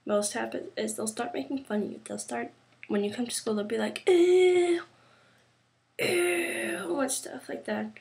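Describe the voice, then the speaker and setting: Rambling teen girl vlogger, creaky voice. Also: mid-range voice, flat delivery, a little mellow. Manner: rambling, halting, many fillers and restarts. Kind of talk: casual talk to camera.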